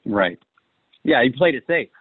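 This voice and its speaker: A man's voice: mid-range voice, sing-song, a little slow, breathy edge, no echo. Brief: male interviewer, keen and talkative, mid-range voice, phone-call sound. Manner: enthusiastic, paraphrases guest stories. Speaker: host. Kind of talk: podcast interview. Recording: tinny phone-like call line.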